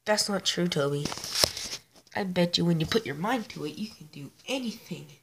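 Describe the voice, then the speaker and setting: A woman's voice: on the low side, animated, moderate pace, slightly rough. A woman voicing a confident, cheerful young male engine who is self-assured and encouraging.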